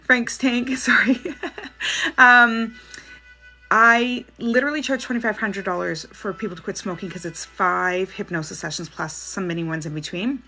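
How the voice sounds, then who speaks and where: A woman hosts a live stream, reading viewers' names and questions aloud and answering them in a chatty, reassuring tone. Her voice sits at a middle pitch with a gravelly fry, and faint music plays behind her. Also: fairly even intonation, normal speed, sharp tone. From Canada. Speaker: psychic livestream host.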